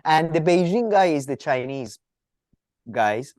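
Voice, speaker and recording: A man co-hosting a casual political podcast, animated and mocking, his voice jumping high when he gets riled. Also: a little slow, dry recording, clean studio sound. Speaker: podcast co-host.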